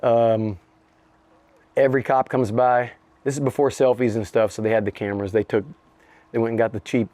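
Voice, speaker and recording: A man in his fifties from the United States, a rapper guest telling a story in an interview, profane and animated, acting out quotes and laughing often. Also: mid-range voice, moderate pace, long pauses, no room sound.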